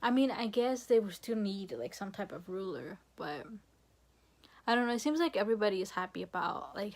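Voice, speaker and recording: A young woman vlogging a casual, rambling rant, frustrated and full of fillers and swearing. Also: medium pitch.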